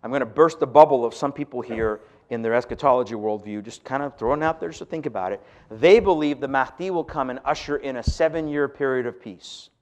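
A pastor giving a lecture to a live audience, animated and swinging between loud emphasis and hushed asides, often asking rhetorical questions. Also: male voice, mid-range voice, fairly quick.

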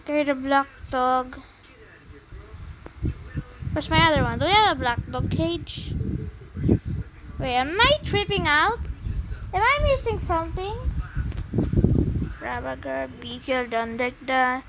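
A woman's voice: sits high, expressive, takes it slowly, long pauses, background noise. A young woman chatting to herself while playing a game, easily flustered and apologetic. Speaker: game streamer. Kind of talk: casual gameplay commentary.

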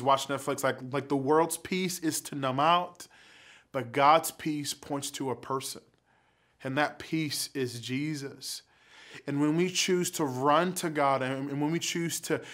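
Earnest higher-voiced man preaching. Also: fairly bright tone. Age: adult father. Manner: earnest, repeats words as he builds intensity. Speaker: youth pastor. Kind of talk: youth sermon ending in prayer.

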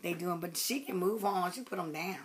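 A woman chatting casually to her viewers about her baby doll in a rambling, affectionate way, often dropping to soft murmurs as she works. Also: fairly low pitch, quick pace. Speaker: doll collector vlogger. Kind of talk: casual chat to camera.

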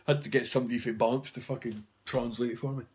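A man's voice: medium pitch, steady tone, moderate pace. A man casually rambling through anecdotes about his record collection, swearing constantly.

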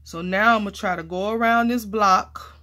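A woman vlogging casually while mounting stamps, chatty and excitable, calling viewers y'all and honey, and dropping to quiet murmurs as she works. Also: mid-range voice, moderate pace. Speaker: crafting vlogger. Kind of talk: casual chat while crafting.

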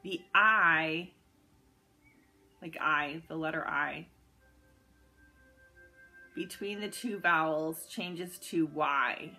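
On a low-quality recording with faint music behind her, a woman with a low, sharp voice teaches a Spanish grammar lesson very slowly, leaving long pauses. She patiently spells words out letter by letter in this guided notes lesson, using some fillers and correcting herself now and then.

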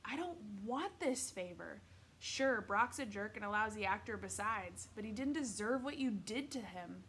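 A blunt, exasperated schoolboy, voiced by a woman reading a book aloud. His lines come out a touch higher and more forceful than the plain narration, direct and short-tempered. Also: lively intonation, moderate pace, slight background noise. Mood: angry. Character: indignant middle-school boy, blunt. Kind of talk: read-aloud storybook voice.

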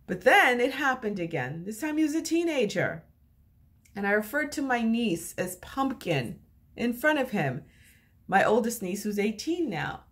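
A middle-aged woman, a relationship advice coach, talking casually to camera as an animated storyteller. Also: slightly rough. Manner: animated storyteller with lively pitch swings.

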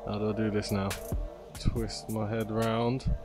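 A man with doing excitable gameplay commentary, yelling and cursing at other players. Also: on the low side, unhurried. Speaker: gaming YouTuber. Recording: game music playing underneath.

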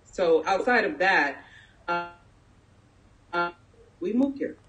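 A woman's voice: on the low side, expressive, slow, a bit bright, far from the mic, faint music behind. A middle-aged woman from San Jose candidly telling a personal story at a town hall, in a conversational way with plenty of fillers. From San Jose, California. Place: community town hall meeting.

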